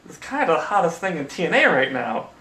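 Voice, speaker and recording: A man co-hosting a casual chat, halting and repeating words as he searches for them. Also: a little high, very animated, sharp tone. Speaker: podcast co-host. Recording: echoey room, faint noise.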